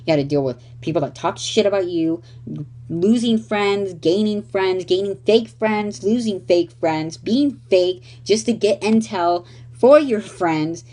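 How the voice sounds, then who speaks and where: A woman's voice: mid-range voice, unhurried, dark tone. A young woman in her late teens telling a story on her vlog in a sassy, blunt and profane way, calling people honey. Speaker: vlogger.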